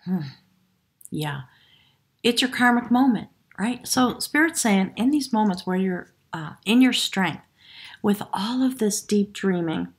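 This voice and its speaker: Speaking to camera, a tarot reader offers a spiritual reading in an emotional, gushing manner. Her voice sits at medium pitch and frequently sinks to a hushed whisper.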